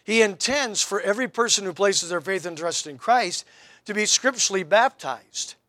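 A man preaching from the pulpit, his voice pitched high and ringing bright. He needles his listeners with rhetorical questions and wry emphasis, and the sound is close and dry with no room echo. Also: expressive, normal speed. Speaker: pastor. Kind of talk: sermon.

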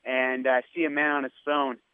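A man's voice: mid-range voice, moderate pace, clean tone, dry recording. Guy guesting on a podcast, thin phone sound, dry, acting out his story. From India. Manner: animated anecdote teller, acts out quoted lines. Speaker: radio sports host, guest. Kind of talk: casual storytelling. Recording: tinny phone-like line.

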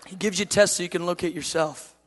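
A male preacher telling a humorous sermon story, animated and jokey, acting out the dialogue himself. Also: high voice, fast, in a large hall, a faint crowd.

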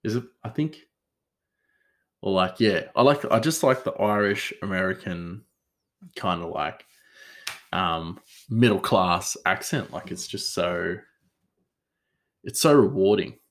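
Low-voiced man in rambling podcast chat. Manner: rambling, full of fillers and self-corrections. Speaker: podcast host. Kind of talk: casual solo chat.

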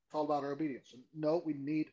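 A man's voice: fairly high pitch, flat delivery, fast talker, dark tone, dull audio. A man, a pastor being interviewed, explaining doctrine earnestly with rhetorical questions and emphatic repeats. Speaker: pastor guest. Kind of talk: conversational teaching interview.

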